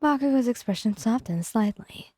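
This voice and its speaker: A woman reads a second-person ASMR story in a calm, even way. Her voice is mellow and warm rather than bright, and it sounds dry and close, with no room around it. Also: a little high, normal speed, breathy edge, no room sound. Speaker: narrator.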